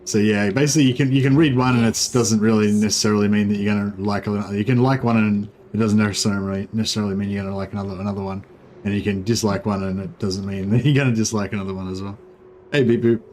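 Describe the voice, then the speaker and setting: A man's voice: on the low side, fairly even intonation, fast, a little mellow, a little hiss or hum. A man casually commentating a livestream of a strategy game, rambling with many fillers and restarts. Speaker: streamer.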